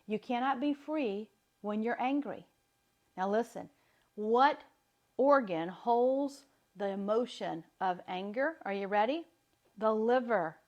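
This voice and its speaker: A woman with a light Southern US accent talks to her live-stream audience as a wellness coach. Her voice sits a little high, and her delivery is chatty and upbeat. She laughs often as she talks. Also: slow, lo-fi sound.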